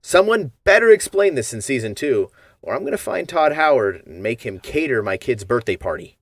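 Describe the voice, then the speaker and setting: A man's voice: medium pitch, very animated, normal speed, a bit bright, dry recording. A man narrating a gaming lore video essay in a wry, jokey manner.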